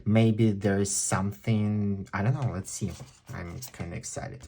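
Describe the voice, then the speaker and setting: A man with a non-native English accent giving a chatty, excitable pick-a-card tarot reading. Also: fairly low pitch, unhurried, creaky, slight background noise. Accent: non-native English speaker. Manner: chatty, excitable, exclaims often. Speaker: tarot reader.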